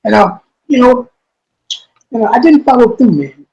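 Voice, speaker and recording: High-voiced man telling a story. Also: sing-song, moderate pace, creaky, muffled recording. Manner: street slang, repeats himself; drops to a low, quiet voice when quoting. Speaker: interview guest. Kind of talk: storytelling in an interview.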